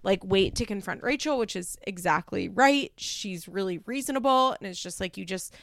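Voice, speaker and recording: A woman's voice: mid-range voice, expressive, moderate pace, vocal fry. A woman recapping a reality show in a casual monologue, talking bluntly and candidly with plenty of swearing and filler "like.".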